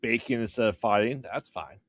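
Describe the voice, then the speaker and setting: On the low side and a little fast, this man's voice comes through a dry, clean studio recording. As a podcast co-host in a casual film review chat, he talks about movies, laughs frequently, and adds short replies of agreement.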